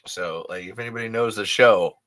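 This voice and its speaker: A man's voice: on the low side, fairly quick, a bit bright. A man hosting a podcast, rambling and affectionate as he chats with listeners. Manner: rambling, affectionate, swears, restarts. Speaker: podcast host. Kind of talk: casual chat reading comments.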